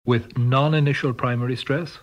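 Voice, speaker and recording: A man narrating a pronunciation course in a measured, scripted way, announcing sections and rules. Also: mid-range voice, steady tone.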